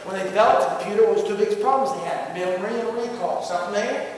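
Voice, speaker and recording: High pitched guy revving up a crowd, jokey and punchy, big echoey room with a long reverb tail. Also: very fast, slight background noise. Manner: punchy call-and-response, asks crowd to answer. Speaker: motivational speaker. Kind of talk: motivational talk to a staff crowd. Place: large room with a live audience. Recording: echoey room recorded from far off.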